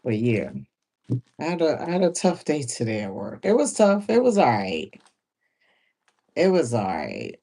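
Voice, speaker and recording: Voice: medium pitch, huge pitch swings, unhurried, creaky, pauses often, mellow. A sewing livestream host chatting casually while working, laughing often and repeating phrases.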